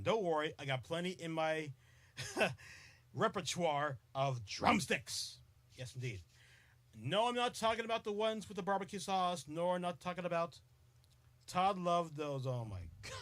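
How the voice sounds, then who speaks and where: A man's voice: a little high, big pitch swings, normal speed, fairly bright tone. A man hosting a live podcast, chatting playfully with commenters and often breaking into giggles. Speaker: podcast host. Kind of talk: casual live-stream chat.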